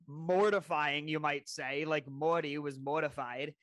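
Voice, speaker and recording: A young man in his twenties with a bright, forceful voice, a little higher than most men. He tells stories animatedly on a casual podcast, swearing freely. The sound is dry and close. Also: moderate pace, no echo. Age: 20s. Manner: animated storytelling, heavy swearing. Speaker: podcast co-host.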